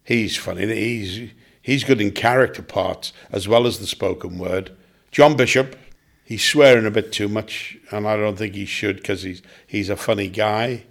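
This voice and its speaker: A man's voice: fairly low pitch, vocal fry. An older man talks about the comics he worked with, with the easy timing of a seasoned entertainer. He tells anecdotes and breaks into short character voices to land a point. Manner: anecdotal, slips into quick comic impressions. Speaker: veteran comedian guest. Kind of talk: reminiscing casual chat.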